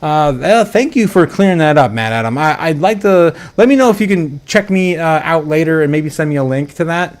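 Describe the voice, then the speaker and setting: A man's voice: on the high side, brisk, hardly any pauses. A man hosting a casual livestream, reading out chat donations, laughing often and rambling with lots of fillers. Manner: giggly and excitable, laughing often between lines; rambling with frequent fillers and repeats. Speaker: livestream host.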